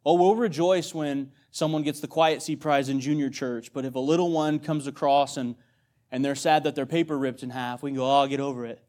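A man in his thirties delivers a sermon in a casual, talkative style, stumbling over repeated words as he goes. His voice sits a touch high for a man, and he keeps turning to the congregation with questions. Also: steady tone, brisk, darkish tone. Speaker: missionary preacher.

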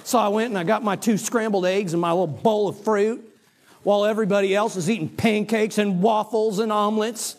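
A middle-aged man preaching, telling a story about himself in an animated, self-mocking way with quoted asides. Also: high-pitched, fairly quick. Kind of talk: storytelling sermon.

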